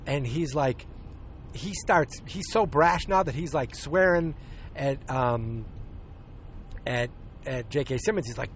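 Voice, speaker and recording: A man hosting a casual movie podcast, rambling with lots of fillers and restarts and acting out scenes in quick bursts. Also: medium pitch, animated, a little hiss or hum. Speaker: podcast host. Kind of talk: casual movie review chat.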